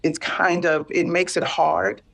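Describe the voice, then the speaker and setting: A woman in her fifties talking candidly and earnestly about caring for a parent, halting and repeating herself as she searches for words. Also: fairly low pitch, level tone, creaky, fairly bright tone. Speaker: guest sharing caregiving story. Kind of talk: candid emotional conversation.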